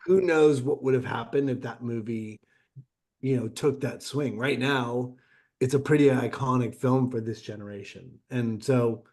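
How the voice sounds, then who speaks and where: A middle-aged man telling stories in a casual interview, acting out quotes with lively shifts. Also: mid-range voice, measured pace. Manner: animated anecdote-telling with acted-out quotes. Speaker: interview guest, actor.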